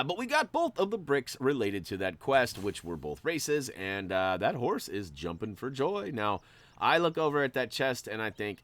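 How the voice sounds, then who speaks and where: Man, gameplay walkthrough commentary, chatty and jokey, very animated delivery. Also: on the low side. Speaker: gaming channel host.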